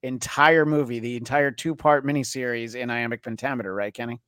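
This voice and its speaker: A man's voice: medium pitch, steady tone, brisk, a bit bright, no echo. Chatty male interviewer, dry sound. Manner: chatty, sets up questions. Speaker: interviewer host. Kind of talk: casual interview.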